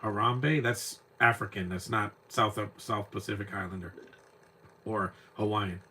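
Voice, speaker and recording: A man's voice: fairly low pitch, normal speed, bright, forceful tone, slight background noise. A young man giving casual live commentary on an old movie, rambling and repeating words as he searches for names.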